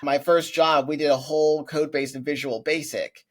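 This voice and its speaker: A man hosting a casual interview, curious, adding quick reactions and his own coding experience. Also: fairly high pitch, steady tone. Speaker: podcast host, coding bootcamp teacher.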